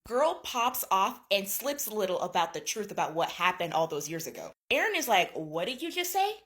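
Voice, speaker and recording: A young woman in her twenties recapping a book in a gossipy, casual way. Her voice swings widely in pitch as she reacts. She swears freely, like chatting with a friend. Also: sing-song, fairly quick, fairly bright tone. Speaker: booktuber.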